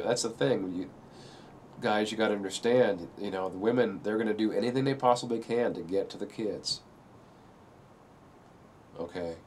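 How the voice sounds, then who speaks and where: Middle-aged man, low voice, rambling and emotional, faint noise behind. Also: darkish tone. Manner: rambling, fills pauses with "you know", strained and close to breaking down. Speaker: video speaker sharing a personal story. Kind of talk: emotional personal monologue.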